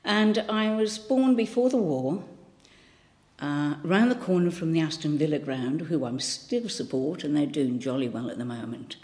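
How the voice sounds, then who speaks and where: A woman's voice: low voice, lively intonation, normal speed, a little mellow. A woman in her eighties from Birmingham, with a faint Birmingham accent, telling chatty, rambling stories with many ums and restarts as she gives a thought for the day. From Birmingham, England. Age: 80s. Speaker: speaker giving a thought for the day. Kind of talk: casual anecdotal talk.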